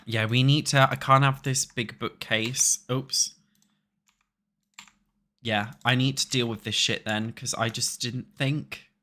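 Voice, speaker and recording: A young British man casually chats with viewers while streaming a building game, swearing freely. He talks slowly at medium pitch, with fairly even intonation and a bright, forceful tone.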